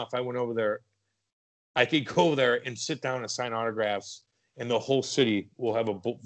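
A man from the American Midwest, a former hockey player telling stories as a guest in a casual interview, swearing freely and acting out his own past shouts. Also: medium pitch.

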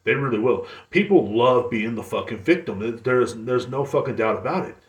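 Male podcast host, casual profane rambler, average pitch, echoey room. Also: lively intonation, normal speed. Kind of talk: casual solo podcast rant.

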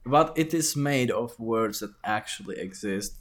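A man's voice: on the low side, expressive, measured pace, a bit bright. A man co-hosting a casual podcast, joking around and theorizing with many fillers. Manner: loose and joking, filler-heavy. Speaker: podcast co-host. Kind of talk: casual lore discussion.

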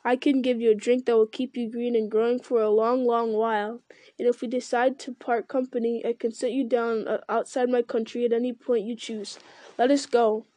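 A woman's voice: a little high, level tone, warm tone, no room sound, lightly acted. A woman reading as an ancient tree giant. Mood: musing. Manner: slow, deliberate, musing with hums. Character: ancient slow-spoken male tree giant. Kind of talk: reading a fantasy novel aloud.

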